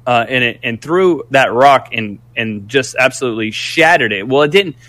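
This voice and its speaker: Guy ranting a story, lots of swearing, voice bouncing all over, bright and sharp. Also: medium pitch, moderate pace, dry recording. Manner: animated, profane, rambling with restarts. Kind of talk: casual storytelling.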